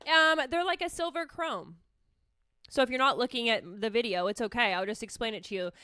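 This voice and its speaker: Woman, solo podcast host, frank, swears a lot, smooth clear voice, dry close sound. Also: on the high side, brisk, bright, forceful tone, no room sound. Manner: candid, chatty, swears freely, self-mocking. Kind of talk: casual solo podcast chat.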